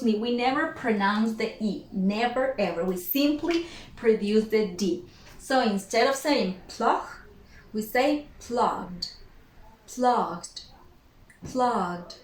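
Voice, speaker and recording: A woman English teacher explaining pronunciation, slowly repeating each word and checking in with "okay?". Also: fairly high pitch, slight background noise. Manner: repeats words slowly for drilling, frequent "okay?". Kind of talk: slow explanatory lesson. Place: room with whiteboard. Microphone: camera at a distance. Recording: echoey room, far from the mic.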